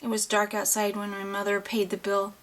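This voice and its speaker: A woman's voice: mid-range voice, completely flat delivery, a little fast, slight background noise. A woman reading a first-person novel aloud in an audiobook, with plain, unpolished delivery and small restarts. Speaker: audiobook reader.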